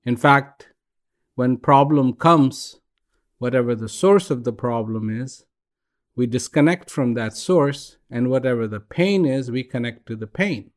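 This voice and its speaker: A man giving a calm, reflective talk, gently telling a joke and repeating phrases as he goes. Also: mid-range voice, a little slow.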